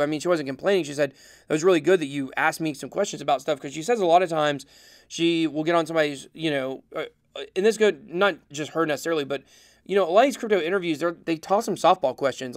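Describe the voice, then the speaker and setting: Smooth-voiced man rambling through livestream comments. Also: fairly high pitch, no room sound, studio quality. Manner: rambling, many fillers, chuckles. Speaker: crypto livestream host. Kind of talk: casual livestream chat reading comments.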